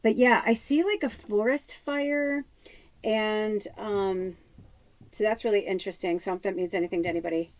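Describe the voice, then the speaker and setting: A woman's voice: medium pitch, fairly even intonation, normal speed, rough recording. A woman talking casually to camera as a psychic medium, chatty with many fillers, at times dropping her voice to a whisper. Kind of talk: casual spiritual talk to camera. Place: home off grid.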